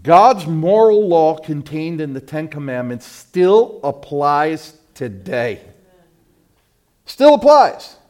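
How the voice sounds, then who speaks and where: A middle-aged man preaching a sermon, swinging from loud fervent peaks down to low, quiet storytelling. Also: slow pace, few pauses.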